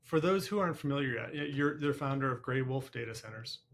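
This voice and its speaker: A man hosting a podcast interview, asking questions in a relaxed, conversational way. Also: medium pitch, fast, gravelly, slight background noise. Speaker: podcast host.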